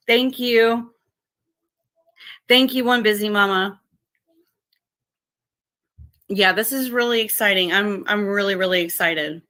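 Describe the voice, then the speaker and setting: A woman hosting a casual livestream, greeting viewers by name and thanking them over and over, with lots of fillers and restarts. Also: mid-range voice. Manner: halting, many fillers and restarts; repeats how excited and thankful she is. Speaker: livestream host.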